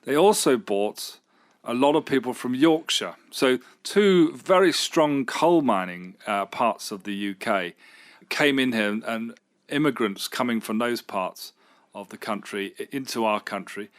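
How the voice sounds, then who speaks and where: A man's voice: medium pitch, lively intonation, a little slow. A middle-aged man, a radio station manager, answering interview questions in an enthusiastic, rambling way with fillers and restarts.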